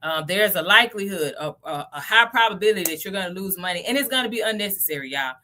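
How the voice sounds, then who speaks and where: A woman's voice: medium pitch, expressive, fast, bright, forceful tone, slight background noise. A Southern woman from Tennessee, around her thirties, hosting a casual crypto livestream, chatty and often checking in with "okay?" and "y'all".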